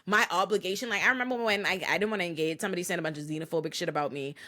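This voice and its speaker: A woman's voice: on the low side, very fast, bright, forceful tone. A woman hosting a podcast, talking casually and emphatically, swearing freely. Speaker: podcast host. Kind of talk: casual chat.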